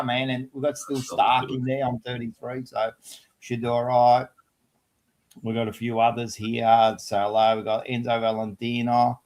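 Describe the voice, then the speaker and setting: A man's voice: medium pitch, steady tone, moderate pace. An Australian man hosting a casual live-stream chat, laid-back and chatty. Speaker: host.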